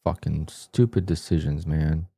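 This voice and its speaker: A man with a deep, low voice talks through his day trading as it happens, muttering, cursing and scolding himself with sudden frustrated outbursts. The sound is dry and close to the mic, with no room around it. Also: fairly even intonation, a little slow, gravelly, dark tone, slightly rough, no room sound. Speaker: day trader streaming his trades. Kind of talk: live trading commentary.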